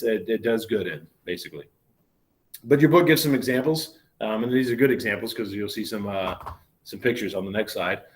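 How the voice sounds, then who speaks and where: A man, a biology professor giving a recorded university lecture in a conversational way, often asking "right?" and correcting himself mid-sentence. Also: mid-range voice. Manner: conversational, many fillers and self-corrections, asks "right?" often.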